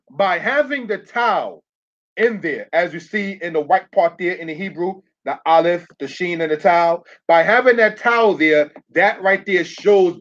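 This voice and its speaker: Man, congregation teacher, sermon with slides, fairly high voice, repeats points and checks in with listeners, dull lo-fi recording. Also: fairly bright tone. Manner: repeats key phrases, checks in with the audience. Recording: dull lo-fi sound.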